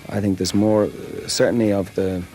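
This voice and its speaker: A man's voice: on the low side, level tone, moderate pace, warm tone, faint music behind. A man musing reflectively in an interview.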